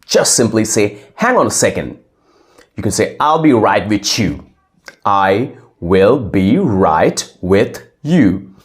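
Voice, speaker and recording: A man playing a polite young male student who answers his teacher slowly and repeats each example phrase. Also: lowish voice, sing-song. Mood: explaining. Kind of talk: scripted classroom role-play.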